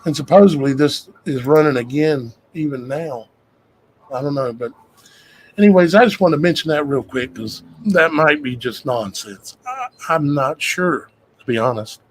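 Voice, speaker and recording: Man host, folksy and meandering, pitched a bit high. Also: moderate pace, slight background noise, rough recording. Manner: rambling, conversational, folksy with "y'all guys". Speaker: show host. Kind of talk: casual talk to viewers.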